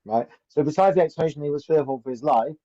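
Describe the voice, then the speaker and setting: A man's voice: on the high side, quick pace, dark tone. A man teaching an informal Torah class as a rabbi, chatty and anecdotal, often asking "right?". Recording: dull lo-fi recording.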